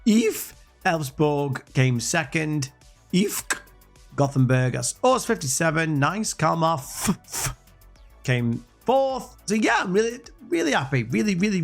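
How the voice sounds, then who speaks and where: Young gaming commentator, high and animated, rambling and jokey. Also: male voice, gravelly. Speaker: gaming YouTuber. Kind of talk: let's-play commentary.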